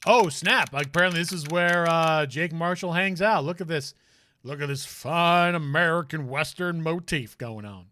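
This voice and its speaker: A man's voice: on the high side, moderate pace, bright, forceful tone, slight background noise. A man streaming a game, chatting casually and rambling with jokey asides. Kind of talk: casual let's-play commentary.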